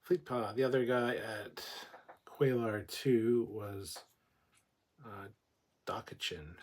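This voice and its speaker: A man's voice: lowish voice, slow. A man hosting a casual livestream, reading chat comments aloud and giving blunt, opinionated replies with plenty of swearing.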